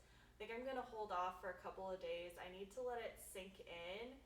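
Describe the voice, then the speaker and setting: A woman's voice: mid-range voice, slight background noise. Chatty woman vlogging in an echoey room. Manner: gushing, exasperated and chatty, with many "like"s. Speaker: book vlogger. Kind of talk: casual chat to camera. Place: living room at home, on the couch. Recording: echoey room, mic at a distance.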